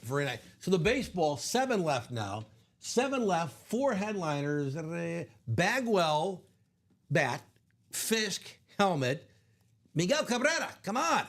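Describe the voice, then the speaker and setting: A man's voice: high voice, big pitch swings, slow pace, fairly bright tone. A man hosting a live card-break stream, upbeat and chatty in a casual way.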